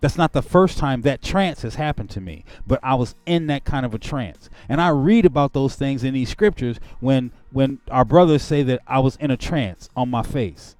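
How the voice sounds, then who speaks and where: A man preaching and giving an emotional testimony. He swings between quiet reflection and angry outbursts. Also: mid-range voice, animated, moderate pace, hardly any pauses, no echo, faint music behind. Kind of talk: impassioned sermon-like testimony.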